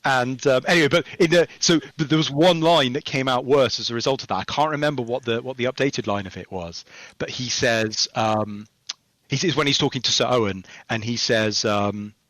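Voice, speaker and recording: A man talking casually as a podcast guest, with an ordinary middle pitch. He tells anecdotes in a lively way and laughs often. The sound is dry and close, with no room around it. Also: normal speed, dry recording. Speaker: game developer guest.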